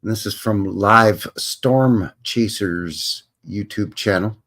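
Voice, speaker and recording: A man with a Canadian accent hosts a livestream, offering casual commentary in a rambling, chatty way and frequently correcting himself. His voice is lowish with a fairly bright tone, and he takes his time.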